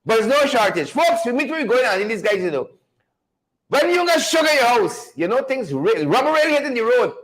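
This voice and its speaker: A higher-pitched man hosts a mocking political commentary show, talking loudly and sarcastically. He keeps breaking into amused asides as he pokes fun at officials. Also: sing-song, fast talker, rough recording. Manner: loud, sarcastic, laughing asides. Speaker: host.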